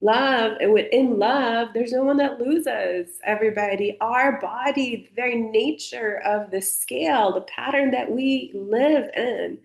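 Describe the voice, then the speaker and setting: A woman's voice: on the high side, unhurried, gravelly, few pauses. A woman leading a group coaching session over a video call, speaking playfully and encouragingly and often calling out to everybody. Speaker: somatic coaching instructor. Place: indoor room. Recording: roomy echo.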